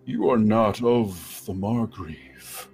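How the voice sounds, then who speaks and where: A man voicing a massive ancient tree giant with a very deep, resonant voice, calm and patient. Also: slow pace, gravelly, slightly rough, faint music behind, heavily acted. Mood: calm, slow.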